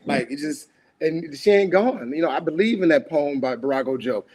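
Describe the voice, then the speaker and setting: A man's voice: fairly high pitch, lively intonation, normal speed, a little mellow. A grieving man speaking as a guest on a talk show, raw and emotional, swinging between laughter and anger. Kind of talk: livestream talk show conversation.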